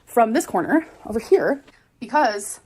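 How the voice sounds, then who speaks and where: A woman's voice: fairly high pitch, lively intonation, a little slow, a little mellow, husky. A woman doing casual vlog narration to the camera, breezy and upbeat, with lots of fillers. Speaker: vlogger.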